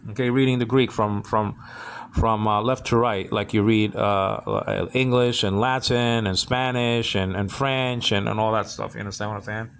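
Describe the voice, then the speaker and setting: A man giving a casual Bible Greek lesson, halting and full of restarts, often checking that listeners follow. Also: lowish voice, steady tone, creaky, a bit bright, a little hiss or hum. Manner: keeps asking "you understand what I'm saying?".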